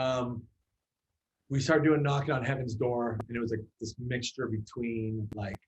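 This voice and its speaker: A male musician telling a story as an interview guest. His voice sits at a middle pitch, and his delivery is loose and chatty, full of "like"s and restarts. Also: normal speed, muffled recording. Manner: animated storyteller with many fillers and restarts.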